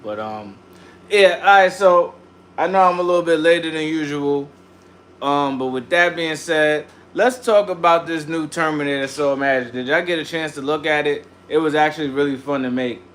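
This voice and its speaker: A man's voice: a little high, normal speed, fairly bright tone. A man hosting a casual livestream, ranting and chatting in slang and greeting viewers by name. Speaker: livestream host.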